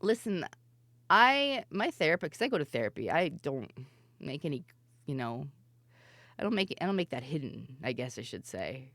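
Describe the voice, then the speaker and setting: A woman's voice: low-pitched, big pitch swings, moderate pace, fairly bright tone, no echo. A young adult woman streamer chatting casually and rambling through stories, giggling often and mimicking voices as she tells them.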